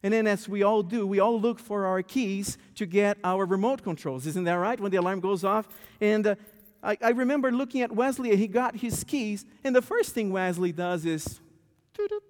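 A male pastor preaching a sermon, telling a story with lively, stammering restarts. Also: high voice, normal speed, few pauses. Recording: long church hall reverb.

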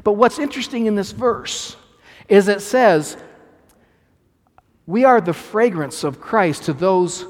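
A man's voice: high-pitched, a little mellow, in a large hall. A man preaching a sermon as pastor, earnest and emphatic, restarting phrases as he explains scripture.

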